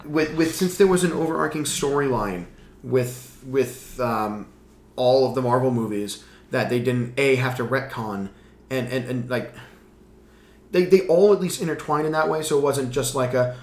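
A man's voice: mid-range voice, normal speed, reverberant. A man co-hosting a podcast, ranting about a movie in casual, profane chat and mock-quoting characters. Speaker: podcast co-host.

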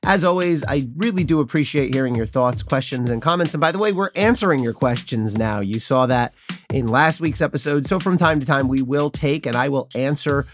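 A man's voice: mid-range voice, expressive, fairly quick, soft background music. A man hosting a podcast, delivering scripted political commentary in a wry, pointed, opinionated manner. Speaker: podcast host.

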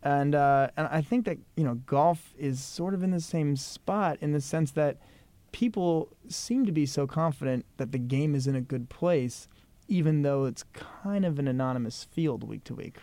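A man's voice: on the high side, moderate pace, warm tone, no room sound. A man co-hosting a podcast in casual chat, conversational with many fillers and asides. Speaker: podcast co-host.

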